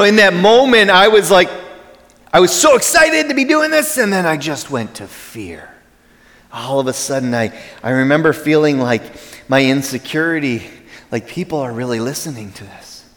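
A man's voice: on the high side, lively intonation, moderate pace, a bit bright. A man in his forties preaching a sermon, telling a personal story casually and then teaching steadily from scripture. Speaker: pastor. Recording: long reverb in a large hall.

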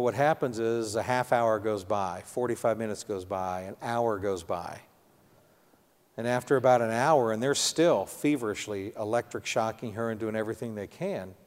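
A man's voice: on the low side, darkish tone. Earnest man preaching in a reverberant hall. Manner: earnest, halting storytelling that addresses the audience directly. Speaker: preacher sharing a personal testimony. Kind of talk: sermon testimony.

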